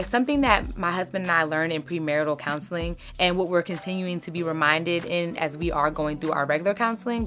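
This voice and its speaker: A woman's voice: lowish voice, a bit bright. A woman, giving casual, emphatic advice to her followers as a lifestyle creator. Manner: chatty, emphatic, uses "sis" and "baby".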